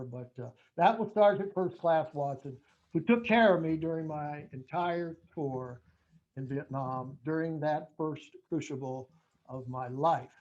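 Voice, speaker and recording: Man in his 70s, folksy storyteller, mellow warm tone, fairly high voice, dull lo-fi recording. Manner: folksy storytelling that acts out remembered dialogue. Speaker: veteran speaker. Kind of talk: personal story told to an audience.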